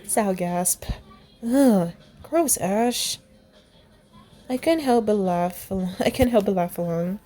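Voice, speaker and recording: Woman reading a fan story, mellow voice. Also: medium pitch, normal speed, soft background music. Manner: reads character lines in her own voice, often laughs and comments aside. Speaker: fan fiction reader.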